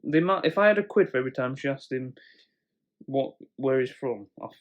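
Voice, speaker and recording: A man's voice: mid-range voice, expressive, brisk, dull audio. A young man telling a story in casual podcast chat, swearing often and laughing as he goes. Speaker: podcast co-host.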